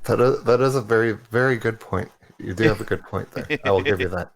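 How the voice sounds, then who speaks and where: A man's voice: on the low side, fast. A man on a casual podcast panel, talking in a laid-back, rambling way with lots of hesitations.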